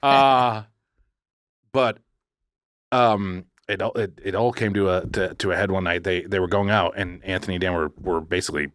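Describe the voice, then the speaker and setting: Low-voiced man telling a rambling story. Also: fairly even intonation, moderate pace, fairly bright tone, dry recording, studio quality. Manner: rambling, self-correcting, jokey. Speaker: podcast co-host. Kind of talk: casual storytelling. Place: podcast studio.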